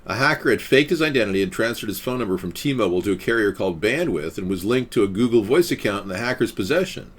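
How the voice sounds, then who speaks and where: Live-stream host, young man, low voice, meandering and filler-heavy. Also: lively intonation, fast, few pauses. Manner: loose, meandering, with many fillers. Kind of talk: rambling live-stream chat, reading articles aloud.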